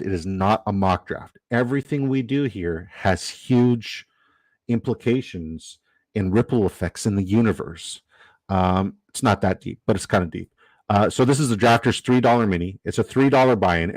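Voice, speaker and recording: A man's voice: fairly low pitch, a little mellow, no echo, rough recording. A man hosting a casual fantasy football draft stream, rambling with lots of fillers and reading chat comments aloud.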